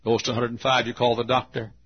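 A man preaching a folksy storytelling sermon, dropping to hushed tones and rising again, on a lo-fi recording. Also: mid-range voice, level tone, fast, slightly rough. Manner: folksy, swings from hushed to loud.

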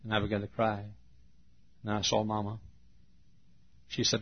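Folksy male preacher, storytelling sermon, husky voice, lo-fi sound. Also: fairly low pitch, monotone, normal speed. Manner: folksy, swings from hushed to loud.

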